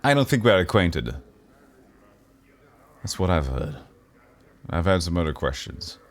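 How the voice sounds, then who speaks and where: A man's voice: low voice, big pitch swings, measured pace. A man streaming a retro RPG, chatting casually and joking with his chat. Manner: joking, reads chat aloud and answers. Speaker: livestreamer playing a retro RPG. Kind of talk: casual let's-play chat.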